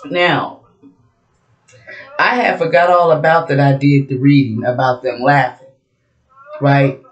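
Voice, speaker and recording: A woman's voice: very deep voice, steady tone, measured pace, lo-fi sound. A woman giving a casual tarot reading, brash and mocking, with a lot of profanity. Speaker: tarot reader. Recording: roomy echo.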